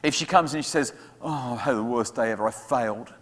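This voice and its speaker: A man speaking to parents at an evening talk, lively and acting out what his kids say. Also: mid-range voice, fairly quick, hardly any pauses. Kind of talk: talk to an audience with questions. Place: school hall. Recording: hall reverb.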